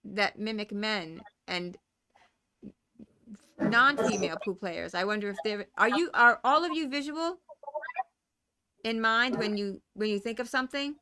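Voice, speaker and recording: A woman guest panelist talking through ideas in an animated way, with many restarts. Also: medium pitch, unhurried, pauses often, a little hiss or hum. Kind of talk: panel discussion.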